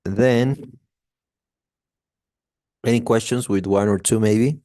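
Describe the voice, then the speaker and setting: A man's voice: lowish voice, fairly even intonation, slow pace, dark tone. A man teaching an English grammar class, explaining step by step with many fillers and restarts.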